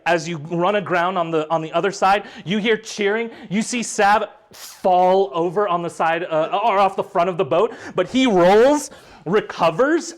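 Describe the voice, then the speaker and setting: Man, game master for a tabletop game; high voice, chatty and animated narration. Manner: animated, many fillers, laughs between lines.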